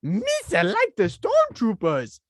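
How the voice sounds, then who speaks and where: A man doing a silly impression of a goofy, floppy-eared male alien sidekick in a high sing-song voice. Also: wildly swooping pitch, slow pace, dry recording, studio quality, exaggerated voice.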